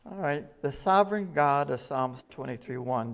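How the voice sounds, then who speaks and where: A man's voice: mid-range voice, expressive, normal speed, fairly bright tone. Man preaching a sermon. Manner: conversational preaching, reads scripture aloud with rising emphasis. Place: rescue mission chapel.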